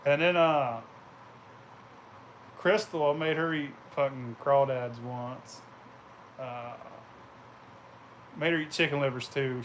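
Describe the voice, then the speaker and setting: A man's voice: fairly high pitch, a little hiss or hum. A man vlogging casually, telling rambling, profane anecdotes and laughing as he goes. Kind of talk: casual storytelling.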